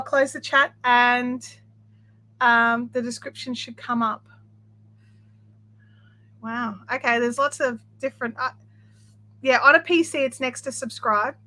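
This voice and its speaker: Aussie lady hosting a craft stream at home, high voice, bright, lots of ums and restarts. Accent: Australian. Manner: chatty, effusive, many fillers and restarts. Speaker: craft livestream host. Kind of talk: casual chat reading viewer comments.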